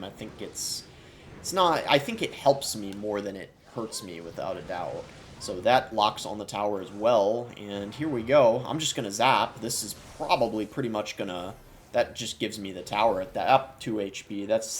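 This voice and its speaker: A young man giving casual, chatty commentary over his own mobile game match, now and then getting excited. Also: lowish voice, a little hiss or hum. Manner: relaxed and chatty, bursts into excited shouting at big plays. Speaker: gaming YouTuber. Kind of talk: live gameplay commentary.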